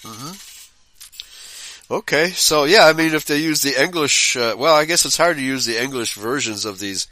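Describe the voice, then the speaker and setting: A man co-hosting a talk show in casual, chatty conversation, chiming in with quick affirmations and chuckles. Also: mid-range voice, pushed and bright, no echo. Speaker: podcast co-host. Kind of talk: casual chat.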